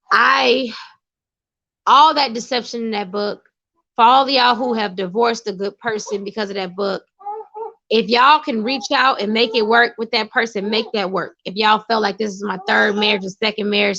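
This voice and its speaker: A woman's voice: fairly high pitch, a bit bright, highs cut off. A woman giving emphatic, preachy advice in casual talk, repeating phrases for emphasis. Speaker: vlogger sharing personal advice. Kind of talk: casual spoken monologue.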